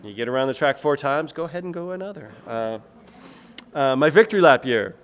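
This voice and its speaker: A man in his forties giving a public lecture, reading his poems in a measured, rhythmic way. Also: a little high, expressive. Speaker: guest lecturer and poet. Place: lecture hall. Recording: long hall reverb.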